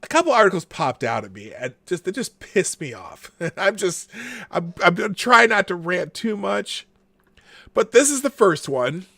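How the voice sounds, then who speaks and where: Guy hosting a live stream, sarcastic and rambly, bright voice, dry close mic. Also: sits high, very animated, normal speed, creaky, dry recording. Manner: sarcastic, rambling, laughs and reads articles aloud. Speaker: live show host. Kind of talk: casual live-stream commentary.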